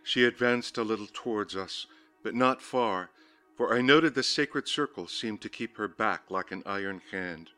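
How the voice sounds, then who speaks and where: A man's voice: on the low side, pushed and bright. Man narrating gothic horror over faint music. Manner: measured, ominous, lingering on words. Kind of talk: dramatic audiobook reading of a horror story.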